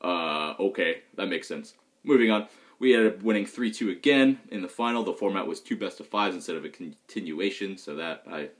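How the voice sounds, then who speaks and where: A young man with a deep, low-pitched voice chats loosely to the camera in a casual vlog. He rambles and talks bluntly, with plenty of restarts and asides. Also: expressive, brisk. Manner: loose, rambling, frank and opinionated. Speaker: pro gamer vlogging about tournaments.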